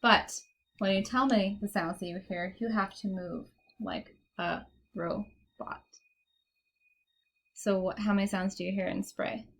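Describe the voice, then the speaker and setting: A woman's voice: medium pitch, fairly even intonation, measured pace, vocal fry, pauses often, fairly bright tone. A young woman teaching a one-on-one phonics lesson, patient and encouraging, explaining step by step, recorded on a computer in an indoor room.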